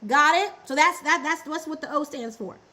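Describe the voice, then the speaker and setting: A woman's voice: sits high, moderate pace, sharp tone, low-quality recording. A woman teaching a business and ministry lesson on a livestream, repeating key phrases and asking viewers to answer in the chat. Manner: repetitive, call-and-response with the chat. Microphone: livestream setup.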